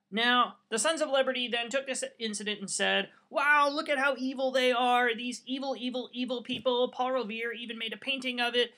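A man's voice: high voice, bright, forceful tone. A man giving a history lecture with sarcastic, wry asides. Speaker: history teacher.

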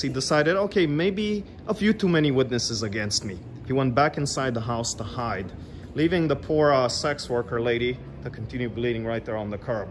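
A man's voice: mid-range voice, slight background noise. A middle-aged man, a tour guide, animatedly telling a legend outdoors on a city street and pointing out spots. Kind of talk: storytelling on a walking tour.

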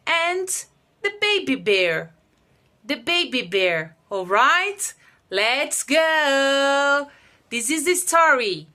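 A woman teacher talking to young children, repeating words slowly and clearly. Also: sits high, sing-song, bright, forceful tone.

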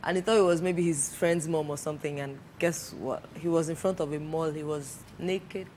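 A woman co-hosting a talk show, joking and animated, telling stories and acting out little scenes. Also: low voice, moderate pace, slight background noise. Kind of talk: casual chat.

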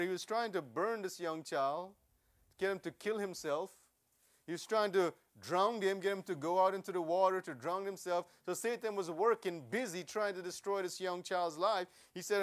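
A man with a Southern US accent preaching a sermon as pastor, repeating prayerful pleas and building to fervent, louder prayer. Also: high-pitched, normal speed. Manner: preaching with prayerful pleading and repetition.

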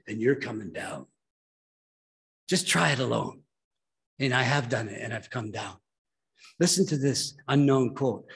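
A male pastor delivering a sermon in church with a gravelly, husky voice. He preaches emphatically and keeps urging the congregation to listen. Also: medium pitch.

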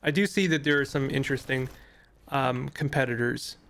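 Gravelly-voiced man rambling over gameplay. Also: mid-range voice, normal speed, a bit bright, slight background noise. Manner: rambling, many fillers and restarts. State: losing his voice. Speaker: gaming YouTuber. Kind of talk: casual gameplay commentary.

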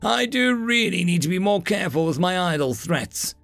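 A man's voice: high voice, sing-song, moderate pace, vocal fry, fairly bright tone, dry recording, soft background music, voice pushed up, heavily acted. A man voicing a smug, easygoing male human god with a laid-back sarcastic drawl. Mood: sheepish.

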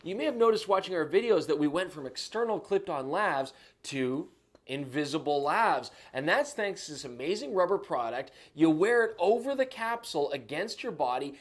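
A man's voice: fairly high pitch, big pitch swings, normal speed. A man co-hosting a camera review show, joking around casually while having a few drinks. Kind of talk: casual product review banter.

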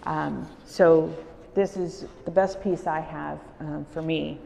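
A middle-aged Salvadoran woman, a wood-carving artist, speaks slowly in a deep, steady, creaky voice with a dark tone. She tells personal stories reflectively in an interview set in an echoey art exhibition hall.

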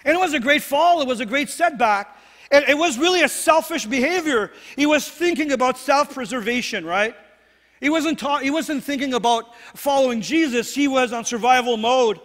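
A man's voice: very high voice, normal speed, a bit bright. A man preaching a sermon as pastor, earnest and repetitive, often checking in with "right?". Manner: earnest, repeats phrases, asks "right?" often. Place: church sanctuary. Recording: long hall reverb.

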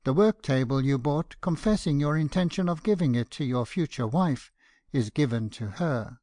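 A man's voice: fairly high pitch, lively intonation, normal speed, warm tone, no room sound, clean studio sound, natural voice. A man reading an audiobook and voicing a stern, indignant middle-aged father with a severe, accusing manner. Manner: severe, accusing, rising to outbursts. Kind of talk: audiobook character voice.

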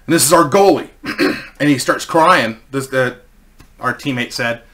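Bright-voiced man telling a profane story. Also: medium pitch, measured pace. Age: 40s. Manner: profane, rambling. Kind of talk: casual storytelling.

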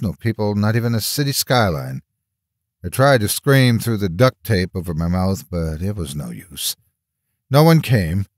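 A man narrating a first-person horror story in a measured storytelling voice. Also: lowish voice, dry recording, studio quality.

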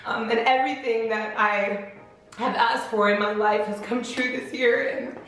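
A woman's voice: a little high, fairly even intonation, moderate pace, fairly bright tone, slight background noise. A young woman vlogger chatting to camera, emotional and laughing through tears. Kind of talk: casual chat to camera. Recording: echoey room with music behind.

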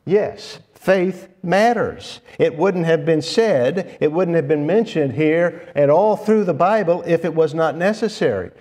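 A man preaching a sermon in a church, explaining scripture in a measured, unhurried way with pauses and occasional restarts. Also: a little high, dark tone.

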